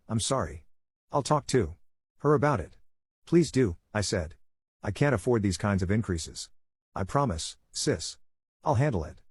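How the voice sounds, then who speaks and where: A man narrating a first-person story in an even, measured read, voicing every part himself. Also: lowish voice, slightly rough, dry recording, clean studio sound.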